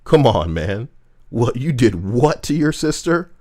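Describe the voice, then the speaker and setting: A man co-hosting a podcast, ranting in a profane, heated, animated way. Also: mid-range voice, a little slow. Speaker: podcast co-host. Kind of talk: casual ranting commentary.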